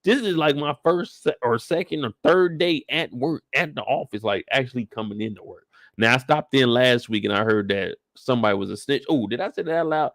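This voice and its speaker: A man hosting a casual live chat, telling the story in an animated way with plenty of cursing. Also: medium pitch, brisk, no echo, studio quality. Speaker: show host recapping a TV episode.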